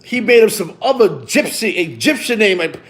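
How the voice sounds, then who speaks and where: A man's voice: sits high, very animated, moderate pace, fairly bright tone. A middle-aged man telling a story in casual street slang, tagging lines with "you heard?". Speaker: vlogger.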